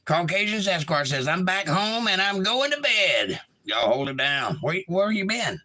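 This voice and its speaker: Laid-back man with a bright voice. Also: high voice, very animated, measured pace, slight background noise. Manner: laid-back, greets chatters by name, reads their comments aloud. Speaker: livestream host. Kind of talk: casual chat reading out live chat, with singing to guitar.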